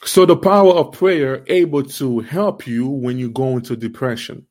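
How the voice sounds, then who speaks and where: A man with an accent hosting an online faith series, preaching in an emphatic way with repeated rhetorical questions and halting restarts. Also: darkish tone. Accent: non-native accent. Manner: halting restarts, rising pitch when stressing. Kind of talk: livestream preaching.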